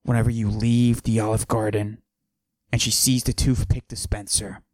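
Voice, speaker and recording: A man playing a boastful macho character, pushing his voice low and husky and often dropping to a whisper while he brags deadpan. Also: moderate pace, dry recording, natural voice. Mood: swaggering. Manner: boastful, deadpan absurd bragging. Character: cocky macho man with a forced deep voice. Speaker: podcast host. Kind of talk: comic character monologue.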